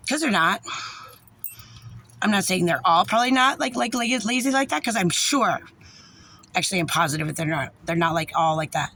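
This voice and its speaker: An angry woman rants straight to camera, swearing freely. Her voice is raspy and gravelly, with a bright, sharp edge. A faint hiss of noise sits under the recording. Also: mid-range voice. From New Jersey. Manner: angry, profane, fast when passionate. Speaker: parent venting about a social services agency. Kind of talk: profane ranting vlog.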